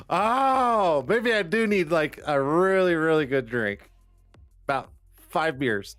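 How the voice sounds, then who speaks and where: A man's voice: a little high, sing-song, a little slow, fairly bright tone, no room sound, faint music behind. Joking, swearing livestream host man. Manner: loose, joking, swears and laughs often. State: slightly strained voice. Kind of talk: casual livestream chat.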